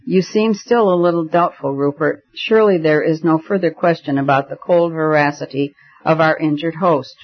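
A boisterous eccentric gentleman calls out in a hearty, hailing way, as a man reads him. The voice is fairly high. The recording sounds dull and lo-fi. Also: normal speed, no echo.

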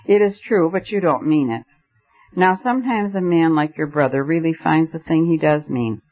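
A man's voice: a little high, moderate pace. A man reading the part of a passionate, argumentative young male poet, declaiming his points fervently. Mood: gentle. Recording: dull lo-fi recording.

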